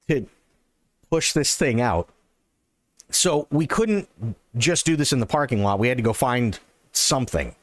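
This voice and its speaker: A man streaming live, telling a long personal story in an animated, excitable way and swearing often. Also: mid-range voice, dry recording. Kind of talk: casual storytelling.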